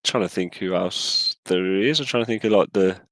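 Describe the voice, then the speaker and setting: A young man co-hosting a gaming podcast in casual chat, rambling and animated, his voice jumping up when he gets excited. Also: deep voice, moderate pace, no echo. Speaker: podcast co-host.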